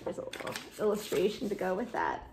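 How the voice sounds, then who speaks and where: A woman teacher reading poems aloud to children, with expressive reading and gentle explanations between poems. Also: medium pitch, a little fast, a little hiss or hum. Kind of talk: read-aloud poetry lesson.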